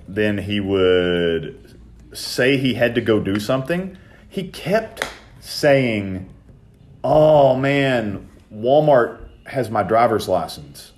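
A man telling a profane, animated story in casual podcast chat, shouting out the quoted lines. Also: on the low side. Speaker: podcast co-host.

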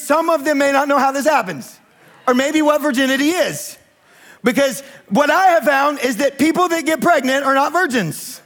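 A man in his thirties preaches a sermon full of funny stories. His voice sits high for a man. He keeps it chatty and joking, and he often asks the congregation to raise their hands. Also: a bit bright. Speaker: pastor. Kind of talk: humorous sermon storytelling. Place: church sanctuary with congregation.

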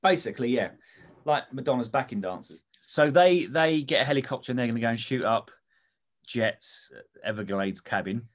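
A man's voice: mid-range voice, lively intonation, moderate pace. A man on a podcast, telling a made-up movie plot in a loose, rambling way full of ums and asides. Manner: rambling storytelling with fillers and swearing. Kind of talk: casual comedic chat.

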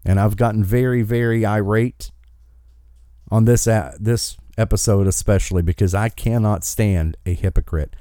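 A man's voice: lowish voice, steady tone, moderate pace, dark tone, dry recording, studio quality. Angry ranting male podcast host. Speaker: commentary host. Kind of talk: opinion podcast monologue.

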